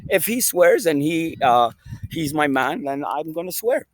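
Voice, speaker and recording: A man's voice: on the high side, very animated, unhurried, no echo, low-quality recording. A man vlogging outdoors in a park, swearing constantly and rambling in a preachy, emphatic way. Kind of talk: rambling casual monologue.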